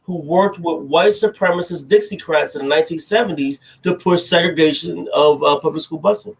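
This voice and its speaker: A man's voice: on the high side, fairly quick, creaky. A young man co-hosting a podcast, ranting animatedly through heated political banter and cutting in with "hold on". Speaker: podcast co-host.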